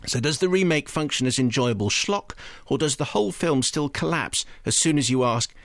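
Dry-voiced radio host, needling. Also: male voice, mid-range voice, expressive, normal speed, dry recording. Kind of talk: radio show hosting, reading listener messages.

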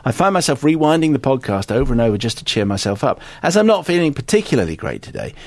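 Man, dry teasing co-host, brisk delivery, dead dry recording. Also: mid-range voice, sing-song, no room sound. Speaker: co-host reading listener emails. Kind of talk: casual podcast chat.

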